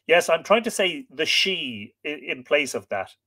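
A man hosting a livestream, reading an old tale aloud and chatting warmly with viewers by name. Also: fairly high pitch, big pitch swings, unhurried. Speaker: host.

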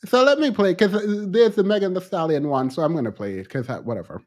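Animated male co-host, lively pitch. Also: fast talker. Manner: animated, exasperated commentary with sudden pitch jumps. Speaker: podcast co-host. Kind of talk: casual commentary chat.

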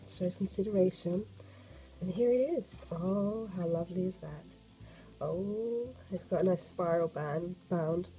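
A woman, croaky from a cold, chatting excitedly as she unboxes a sketchbook for an art vlog. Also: lowish voice, unhurried, low-quality recording. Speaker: art vlogger.

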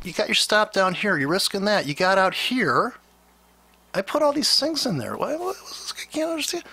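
A man walks through a chart on his computer in a loose, rambling trading lesson. He talks bluntly and with a sarcastic, ranting edge. His voice sits a little high and sounds bright and forceful. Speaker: trading instructor.

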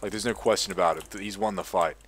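A tired young man talks through his game in a loose, rambling ramble, swearing freely and poking fun at himself. His voice sits a little low, and keyboard typing clicks along behind him. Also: fast, a bit bright, a little hiss or hum. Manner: rambling, profane, self-mocking. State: sleep-deprived, tired. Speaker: gaming video creator. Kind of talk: casual gameplay commentary.

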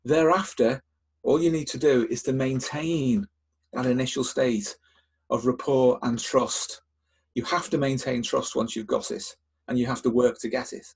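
An older male therapist hosting a podcast, explaining a method step by step in a calm, instructive way with frequent restarts and repeated words. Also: medium pitch, moderate pace, husky.

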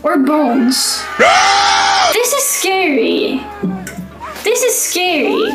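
A woman's voice: extremely high pitch, sing-song, very slow, echoey room, raised voice, loud music behind the voice. A woman streamer reacting to videos in casual, giggly commentary, often exclaiming and laughing.

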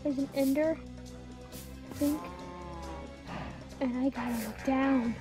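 Jumpy high-voiced woman gaming. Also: steady tone, slow, music in the background. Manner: jumpy, gasping, talks to game creatures. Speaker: gamer. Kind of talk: let's play commentary.

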